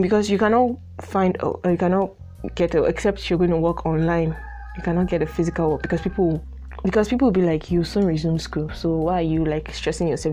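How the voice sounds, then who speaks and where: Young woman, Nigerian accent, solo podcast host, lowish voice, soft music behind. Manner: chatty and apologetic, frequent "like" fillers and laughs. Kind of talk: casual solo podcast chat.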